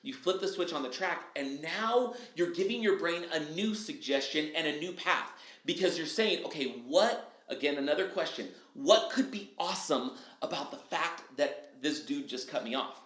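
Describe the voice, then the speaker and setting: A man speaking as a podcast guest, upbeat and animated, acting out his own quotes and often asking "right?" and saying "dude.". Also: fairly high pitch, moderate pace, hardly any pauses. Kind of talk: casual podcast chat. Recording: echoey room.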